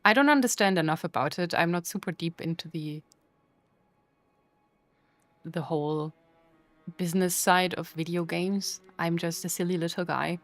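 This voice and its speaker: A woman's voice: on the low side, moderate pace, long pauses, a bit bright, dry recording, faint music behind. Playful woman streamer chatting to chat. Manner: playful, dramatic mock outrage. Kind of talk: casual chat with live chat.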